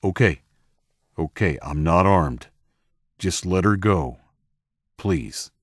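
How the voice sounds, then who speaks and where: A man's voice: low-pitched, animated, slow pace, dry recording, clean studio sound, exaggerated voice. A man voicing a wounded young man who speaks in an earnest, subdued way. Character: wounded young man, pleading then tender.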